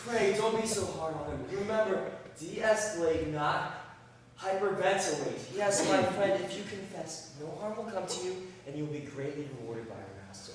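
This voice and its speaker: A man playing a gentle, coaxing officer. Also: high-pitched, moderate pace, lightly acted. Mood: soothing. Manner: calm, coaxing, soft-spoken. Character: mild-mannered male police officer, soothing. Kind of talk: stage comedy performance. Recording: echoey hall, far from mic, background noise.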